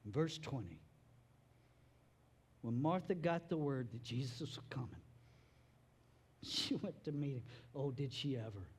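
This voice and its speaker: A man's voice: medium pitch, expressive, a little slow, pauses often, a little mellow, breathy edge. A man, a father, preaching a sermon in a chatty, conversational way, repeating words as he builds each point. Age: adult father. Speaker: pastor.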